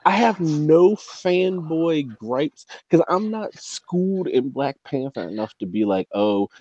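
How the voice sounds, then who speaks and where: Animated wry man, dry lo-fi sound. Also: on the high side, takes it slowly, husky, no echo. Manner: lively, wry, lots of "like". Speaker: podcast co-host. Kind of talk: casual chat.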